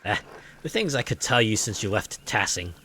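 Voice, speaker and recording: A man's voice: lowish voice, animated, moderate pace, pushed and bright, a little hiss or hum. A man voicing a lonely, gossipy older villager in a story-driven video game, reading the lines aloud.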